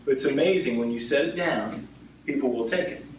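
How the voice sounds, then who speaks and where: A man's voice: medium pitch, a little fast. A middle-aged man, a guest insurance agent telling stories to an audience in a conversational way, often asking "right?". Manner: conversational, frequently adds "right?" tag questions. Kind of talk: storytelling talk to an audience. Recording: echoey room, distant mic, background noise.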